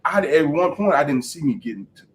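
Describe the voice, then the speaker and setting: Fast-talking, emphatic man telling stories. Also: fairly high pitch, very animated. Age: adult parent. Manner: emphatic, storytelling, repeats phrases. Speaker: podcast guest. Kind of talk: casual interview talk.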